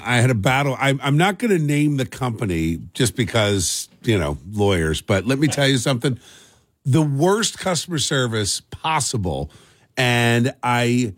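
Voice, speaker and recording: A man with a New Jersey accent hosting morning radio, telling a story in an animated, exasperated way. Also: medium pitch, no echo, studio quality. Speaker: radio show host.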